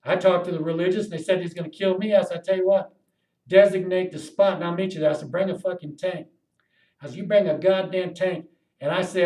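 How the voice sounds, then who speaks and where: Impassioned man ranting in an echoey room. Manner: impassioned, profane storytelling, swings between loud outbursts and low muttering. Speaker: video blogger. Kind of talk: rambling monologue to camera.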